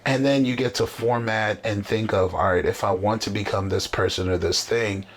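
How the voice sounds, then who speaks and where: A man's voice: fairly low pitch, steady tone, normal speed, a little hiss or hum. A man hosting a casual podcast chat, talking in a motivational, emphatic way. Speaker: podcast host. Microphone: camera setup on a desk.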